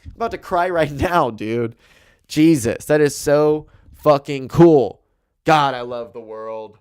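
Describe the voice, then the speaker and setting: A young man hosting a solo podcast at home, rambling casually, swearing a lot and getting excited. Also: medium pitch, slow pace, clear, resonant tone, no echo, clean studio sound. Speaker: podcast host. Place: home room with dog and carpet. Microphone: desk mic and camera.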